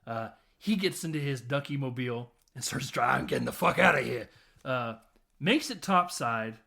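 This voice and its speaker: A man hosting a film podcast, casually retelling a movie's plot with swearing, laughter and quick acted-out lines. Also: mid-range voice. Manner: laughing, profane, animated retelling with quoted lines. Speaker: podcast host.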